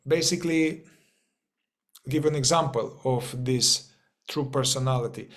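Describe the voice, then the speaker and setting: A man with a slightly raised pitch talks through a spiritual teaching to a group. His delivery is loose and informal, full of restarts and repeated words. He swears offhandedly and acts out little inner voices.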